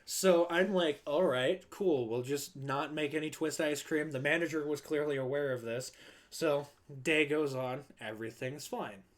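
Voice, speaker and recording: A man's voice: fairly high pitch, normal speed. A young man streaming, telling a long work story casually and acting out the people in it. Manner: animated, acts out quoted people in voices.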